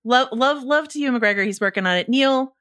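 Bright, slightly high woman co-host; playful, teasing, laughs easily. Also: fairly quick, smooth. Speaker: podcast co-host. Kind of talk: casual podcast chat.

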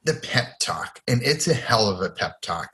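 A man's voice: fairly low pitch, very animated, normal speed, bright, forceful tone. A man co-hosting a podcast, chatting casually and animatedly, laughing as he retells scenes. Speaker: podcast co-host. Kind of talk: casual chat.

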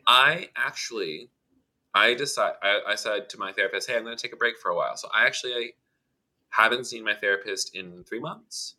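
Man, very bright tense voice, blunt, emphatic, cusses, casual co-host chat. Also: lowish voice, brisk. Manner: blunt and emphatic, swears freely.

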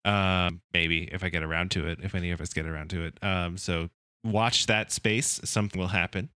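A man co-hosts a podcast in a low voice that is brisk, pushed and bright, with fairly even intonation and a clean tone. The recording is dry with clean studio sound, and his casual chat rambles along with lots of fillers.

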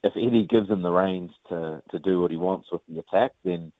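In a casual interview over the phone, a rugby player with a New Zealand accent speaks fairly quickly in a low voice, relaxed and wandering, with frequent ums and uhs. It's a dry recording through a tinny phone line.

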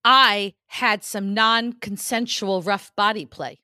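A woman co-hosting a podcast, telling stories in casual chat with a hoarse, strained voice and a teasing, animated manner. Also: mid-range voice, takes it slowly, dry recording, clean studio sound. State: hoarse, lost voice. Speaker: podcast co-host.

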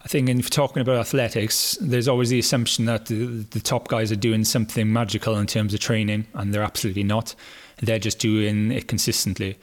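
A British man in his thirties talks casually as a podcast guest, his voice sitting low. He thinks aloud, with plenty of fillers and restarts, in an easy, unhurried way. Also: flat delivery. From Britain. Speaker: guest, former hurdler.

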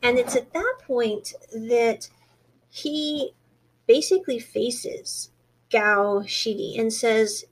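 A woman's voice: fairly high pitch, slow, a little hiss or hum. A woman casually retelling a drama plot in a chatty, storytelling way, dropping her voice to quote the characters. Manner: chatty, animated storytelling, quiet quoted dialogue. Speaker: drama recap host.

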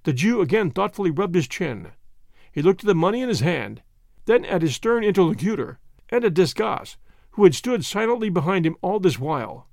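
A man narrating a novel with an expressive storytelling delivery. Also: sits high, fairly quick, gravelly, dry recording, studio quality. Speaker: audiobook narrator.

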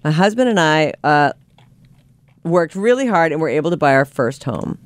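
A radio host reading listener emails aloud on air, expressive and quick to laugh. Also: mid-range voice, dry recording.

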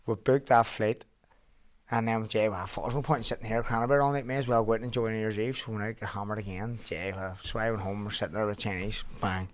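A man's voice: on the low side, quick pace. A young man with a Belfast accent, a podcast guest telling a story in casual chat with lots of swearing. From Northern Ireland. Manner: animated storytelling, heavy swearing.

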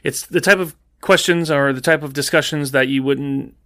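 A man co-hosting a podcast in casual chat, animated and teasing, often laughing. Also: on the high side, normal speed. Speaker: podcast co-host.

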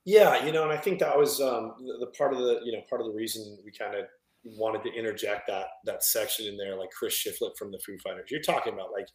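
Animated man laughing through stories, roomy. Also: lowish voice, fast talker. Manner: animated, laughs often, many fillers. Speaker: film director guest. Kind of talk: casual storytelling interview.

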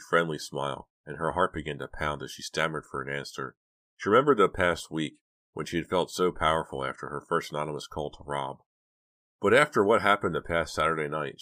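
A man narrating an audiobook in an even, measured storytelling manner. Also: very deep voice. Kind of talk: scripted narration.

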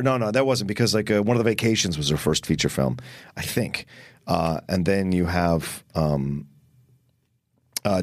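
A man co-hosting a casual film discussion podcast, enthusiastic and talking in quick bursts with restarts. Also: deep voice, no room sound, clean studio sound. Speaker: podcast co-host.

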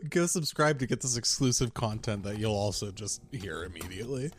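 A man's voice: on the low side, lively intonation, a little fast. A man co-hosting a podcast in casual chat, joking and teasing his co-host. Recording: noisy recording with mic clicks.

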